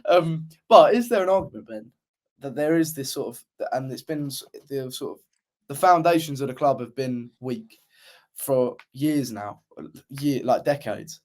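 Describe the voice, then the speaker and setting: A man's voice: mid-range voice, measured pace, a little mellow. A man chatting casually as a podcast co-host. He rambles, circling back and restarting his sentences as he talks through his points. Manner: rambling, many restarts and fillers. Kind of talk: casual chat.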